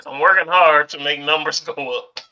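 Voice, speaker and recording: A man's voice: a little high, fairly even intonation, normal speed, pushed and bright, dull audio. A man co-hosting a podcast as its producer, teasing and insistent in casual chat.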